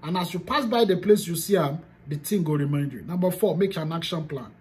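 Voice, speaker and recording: A woman's voice: lowish voice, animated, fairly quick, darkish tone. A Nigerian woman coaching her team in a motivational teaching talk. She speaks with emphasis and hammers key phrases through repetition. Now and then she drops into pidgin. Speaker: business coach.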